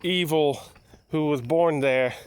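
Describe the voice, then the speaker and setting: A man doing a crazy old drunk's slow warning. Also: on the high side, smooth. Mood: ominous.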